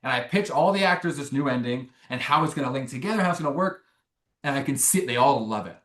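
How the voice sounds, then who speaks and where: A young man, a filmmaker guest, telling a long story in a rambling, animated way with many restarts. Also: mid-range voice, fast talker, reverberant. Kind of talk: casual interview storytelling.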